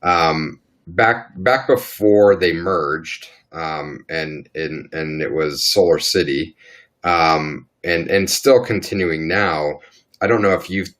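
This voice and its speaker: A man's voice: a bass voice, a bit bright. A man co-hosting a casual panel podcast, talking in a rambling way with many restarts and fillers. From Utah. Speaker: podcast co-host.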